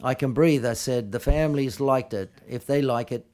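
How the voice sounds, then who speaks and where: At a film press conference, a man with a mid-pitched, somewhat dark voice fields questions. He speaks haltingly, frequently stopping partway through a phrase to start over or correct himself.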